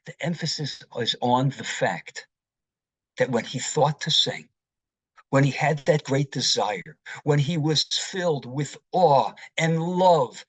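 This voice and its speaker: A man, a rabbi, giving a sermon in a slow, deliberate teaching manner, posing rhetorical questions to his congregation. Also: on the high side, a bit bright, slightly rough, dry recording, low-quality recording.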